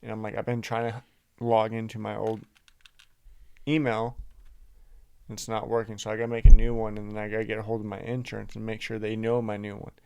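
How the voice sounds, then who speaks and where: A man's voice: on the low side, monotone, brisk, creaky, a little mellow, smooth, no echo. A young man co-hosting a podcast, talking in a blunt, laid-back, profane way. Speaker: podcast co-host. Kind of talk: casual chat.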